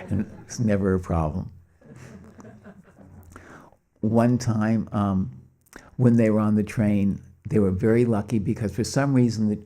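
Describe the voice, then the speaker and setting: Mellow low-voiced male storyteller. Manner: lively storyteller voicing quoted dialogue; chuckles between anecdotes. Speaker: speaker at a spiritual gathering. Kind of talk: anecdotal storytelling talk.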